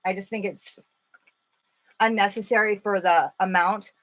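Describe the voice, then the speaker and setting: A woman's voice: mid-range voice, fairly even intonation, a little slow, a bit bright. A woman hosting a casual makeup live stream, rambling and swearing freely, full of filler words. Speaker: makeup livestream host.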